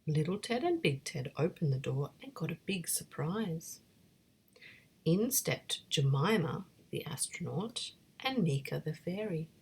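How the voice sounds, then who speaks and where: Breathy whispering woman reading a bedtime story. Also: sits low, very animated, a little slow.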